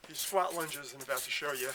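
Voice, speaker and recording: A fitness instructor demonstrates a workout outdoors at a house in the woods, filmed by a camera operator. His voice is on the high side and brisk, and he's chatty and self-mocking as he talks through the exercises out of breath. There's background noise.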